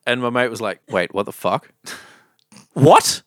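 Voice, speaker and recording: A man chatting casually and joking, quick to laugh. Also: mid-range voice, animated, a bit bright, no room sound, studio quality. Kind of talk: casual chat.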